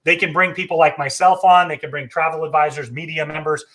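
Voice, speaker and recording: A man's voice: a little high, level tone, fast talker, fairly bright tone. A man hosting a casual travel live stream, chatty and enthusiastic, with frequent fillers and self-corrections. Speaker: travel agency host.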